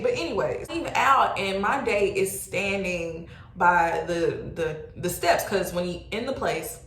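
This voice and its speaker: A young adult woman telling a casual storytime, animated and exclaiming, swearing freely. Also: lowish voice, measured pace, few pauses. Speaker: vlogger. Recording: roomy echo.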